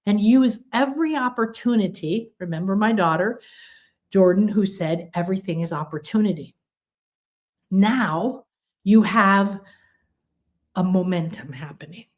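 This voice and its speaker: A woman's voice: mid-range voice, measured pace, pauses often. Older woman giving an earnest spiritual talk. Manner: earnest, repetitive, affirming; slips into lively acted quotes of her own inner voice. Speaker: spiritual teacher.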